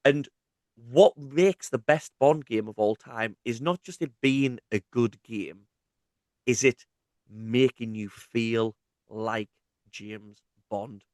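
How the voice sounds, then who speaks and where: A man in his thirties with a Mackem accent chats loosely as co-host of a gaming podcast. He is teasing and jokey, at a middling pitch. The sound is dry and close, with no room echo. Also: slow, a little mellow. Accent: Mackem (Sunderland). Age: 30s. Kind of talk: casual gaming podcast chat.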